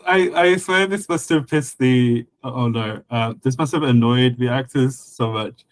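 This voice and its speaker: Slow, halting man explaining linguistics. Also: medium pitch, no echo, low-quality recording. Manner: halting, many fillers, explains patiently. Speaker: conlang creator guest and co-host. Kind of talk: casual podcast chat about linguistics.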